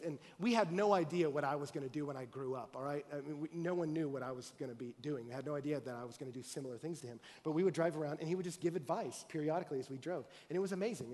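Animated male pastor in a reverberant hall. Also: on the high side. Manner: animated, swings from loud excited bursts to quiet earnest talk. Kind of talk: sermon with storytelling.

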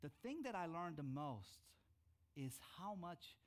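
A middle-aged male pastor gives a sermon testimony, his pitch swinging widely as he tells the story. He breaks into loud, drawn-out bursts on key words, then drops back to a calmer tone.

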